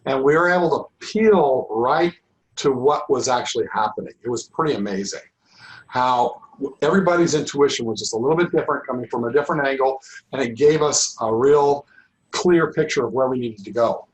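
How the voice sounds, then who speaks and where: A middle-aged man teaching a holistic healing class, talking informally and restarting his sentences, his voice going hoarse. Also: mid-range voice, fairly quick, lo-fi sound. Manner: rambling, restarts sentences often. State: losing his voice. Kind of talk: informal online class talk.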